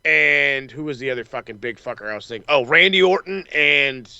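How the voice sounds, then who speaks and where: A man hosting a wrestling talk show in casual chat, animated and profane, acting out wrestlers' reactions. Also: medium pitch, fairly quick, vocal fry, smooth, no echo, highs cut off. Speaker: wrestling podcast host.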